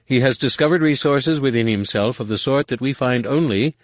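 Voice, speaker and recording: A man voicing a sly alien male executor who speaks smoothly and ingratiatingly. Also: medium pitch, brisk, dry recording, studio quality, pitched above the performer's own voice, lightly acted.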